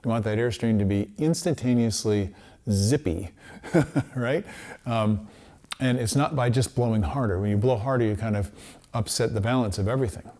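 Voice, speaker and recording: A man teaching trumpet, explaining technique in a relaxed way and sounding out practice syllables. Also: fairly low pitch, normal speed. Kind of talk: instructional lesson.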